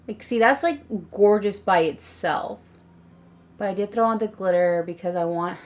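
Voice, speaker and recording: A young woman talks her way through a makeup look in a loose, rambling vlog manner, full of "like"s and asides. Her voice sits at an ordinary middle pitch for a woman. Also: moderate pace. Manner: chatty, rambling, says "like" often. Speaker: beauty vlogger. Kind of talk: casual makeup tutorial chat.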